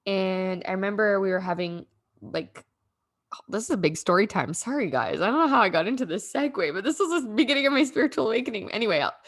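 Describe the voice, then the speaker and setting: With a medium-pitched voice, lively intonation, and a quick pace, this young podcast host shares a heartfelt personal story. Her telling is casual and meandering, packed with "like" fillers, and she's emotional, sometimes nearly crying.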